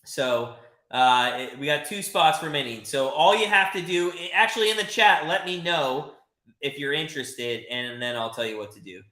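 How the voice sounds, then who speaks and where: A man hosting a live sports watch-party stream, chatty and excitable, swearing now and then and talking to viewers in the chat. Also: on the high side, normal speed, reverberant. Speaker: livestream host.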